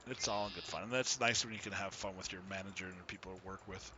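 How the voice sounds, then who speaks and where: A man chatting casually with viewers while he streams a farming game, easygoing and quick to laugh. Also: sits low, steady tone, sharp tone, muffled recording, a little hiss or hum. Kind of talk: casual live-stream chat.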